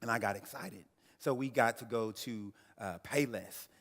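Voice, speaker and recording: A man in his thirties, an attorney and guest speaker, telling his personal story at an event with earnest, slow, emphatic phrasing. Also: mid-range voice, fairly bright tone. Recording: reverberant hall.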